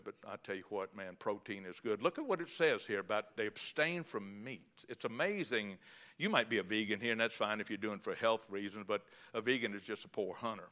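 A man with a drawl delivers a Baptist sermon in church. His voice rings bright and edgy, swinging between fiery preaching and folksy wisecracks. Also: on the low side. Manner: fiery, folksy, joking asides. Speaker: Baptist pastor. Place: church before a congregation.

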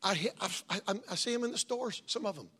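Middle-aged man, pastor, husky, chatty sermon delivery with asides. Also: high-pitched, expressive, fairly quick, bright, forceful tone. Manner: folksy, conversational preaching with joking asides.

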